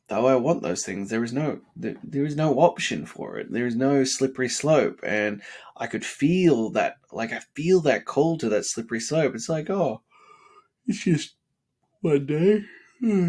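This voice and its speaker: Weary, husky man, swearing freely. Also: mid-range voice, a little mellow. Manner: blunt and profane, tired, yawning between thoughts. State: exhausted. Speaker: vlogger on a self-improvement challenge. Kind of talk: casual motivational vlog.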